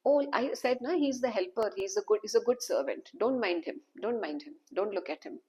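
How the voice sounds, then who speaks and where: A woman voicing a queen mother who soothes and hurries to cover things up, in a husky voice. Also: medium pitch, expressive, a little fast, darkish tone, rough recording. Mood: hurried.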